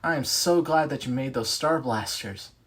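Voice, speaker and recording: A man voicing a cheerful young female superhero who speaks brightly and gratefully to her teammate. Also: medium pitch, moderate pace, voice pushed up, close to an everyday voice.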